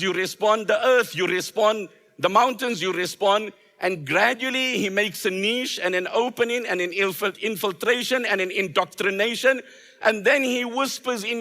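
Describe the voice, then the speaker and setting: A man's voice: high-pitched, moderate pace, pushed and bright. A man, an Islamic scholar, delivering an emphatic sermon with rhetorical repetition. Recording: long hall reverb.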